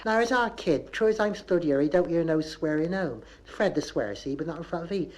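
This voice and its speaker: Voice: medium pitch, animated, brisk, darkish tone, lightly acted. A comic performer voicing a rambling Bristol housewife and mum who keeps scolding her dog, on a 1970s comedy record. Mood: indignant.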